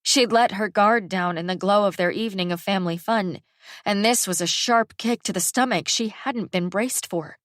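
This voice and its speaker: With a medium-pitched voice, a woman delivers scripted audiobook narration, her storytelling measured and even. The clean studio recording has no echo.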